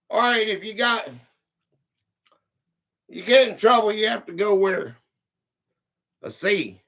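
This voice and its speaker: Bright-voiced, slow-talking male quiz host. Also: high voice. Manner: reads out quiz questions, spells and counts letters aloud, greets chat viewers by name; chatty, easily amused. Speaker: quiz game livestream host. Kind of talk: casual live-stream chat.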